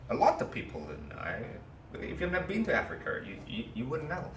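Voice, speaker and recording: Animated male teacher in an echoey classroom. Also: mid-range voice, fast talker, slight background noise. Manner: animated, asks the class questions. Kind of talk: storytelling lesson to a class. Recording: echoey room, mic far off, faint ambience.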